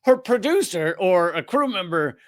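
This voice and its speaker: A man's voice: high voice, big pitch swings, normal speed. A man hosting a comedy show, mocking news footage in a wry, sarcastic commentary. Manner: mocking, wry, thinking aloud with restarts.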